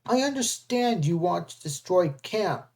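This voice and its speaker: A reader voicing a fierce, loyal young woman who yells in anger during a storybook read-aloud. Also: medium pitch, lively intonation, measured pace. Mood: furious. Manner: shouting, furious.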